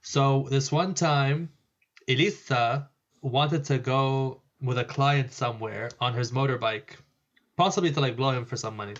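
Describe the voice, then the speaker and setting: A man from Lebanon, a podcast guest telling stories in a casual, animated way, laughing and swearing freely. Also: medium pitch, a little slow, muffled recording. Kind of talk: casual storytelling.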